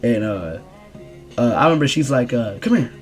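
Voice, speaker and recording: A young man rambling through a casual storytime vlog in slangy, animated speech. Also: medium pitch, normal speed, soft background music. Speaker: streamer telling a story.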